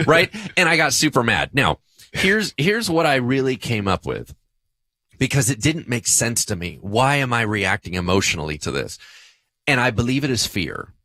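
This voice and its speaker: A man, a pastor co-hosting a podcast, telling a story about himself in a lively, self-deprecating way. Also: mid-range voice, no echo. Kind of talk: casual podcast discussion.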